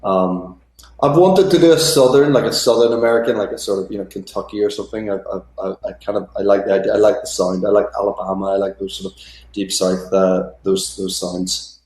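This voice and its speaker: A man in his thirties, an actor guest in a casual remote interview, talking in a relaxed, rambling way with lots of fillers. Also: fairly low pitch, fairly quick, roomy sound, poor audio.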